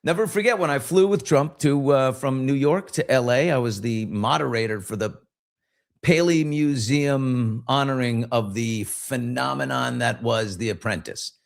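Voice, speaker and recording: Gravelly older man, chatty host. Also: mid-range voice, normal speed. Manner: conversational, reads comments aloud, trails off and restarts. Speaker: podcast host. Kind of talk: casual commentary. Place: studio.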